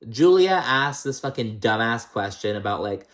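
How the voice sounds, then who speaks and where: A man's voice: medium pitch, animated, normal speed, a bit bright. A man recapping reality TV in casual chat, blunt and sassy, swearing a lot and calling people "girl".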